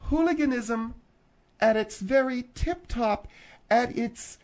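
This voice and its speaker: A man's voice: very high voice, takes it slowly, voice pushed up. A man voicing a prim, indignant middle-aged woman co-host who scolds in a huffy, prissy way.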